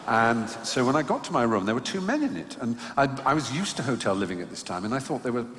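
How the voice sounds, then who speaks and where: A man's voice: medium pitch, very animated, fairly bright tone, slight background noise. Wry man telling stories in an echoey hall. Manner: wry, self-mocking, halting anecdotal delivery. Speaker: stage guest telling anecdotes. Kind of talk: live storytelling conversation. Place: large theatre stage. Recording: echoey hall, live venue ambience.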